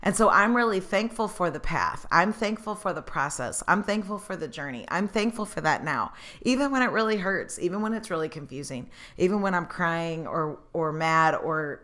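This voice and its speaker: A woman's voice: fairly low pitch, animated, moderate pace, fairly bright tone. A woman telling a personal story in an earnest, motivational way, laughing often and getting emotional. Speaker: speaker sharing stories.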